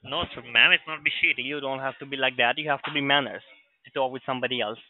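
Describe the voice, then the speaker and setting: A man's voice: medium pitch, fast. Tinny-phone man, scam caller, raised voice. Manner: angry, shouting obscene insults. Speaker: phone scammer.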